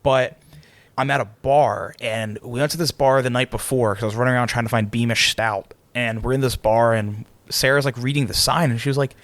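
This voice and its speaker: A man co-hosting a podcast, swapping travel stories in easy, casual talk. He gets lively and laughs as he acts out what people said. His voice sits at a middle pitch, and the sound is close and dry. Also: fairly quick, dry recording. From Pennsylvania, United States. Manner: animated, laughs while telling stories, acts out quotes. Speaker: podcast co-host. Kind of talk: casual storytelling chat.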